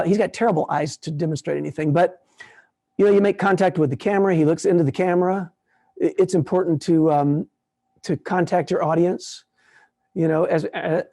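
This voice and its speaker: A man in his sixties, a puppeteer, talking casually at an online conference and answering questions, relaxed and rambling with many restarts. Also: sits high, creaky. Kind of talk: casual talk and Q&A.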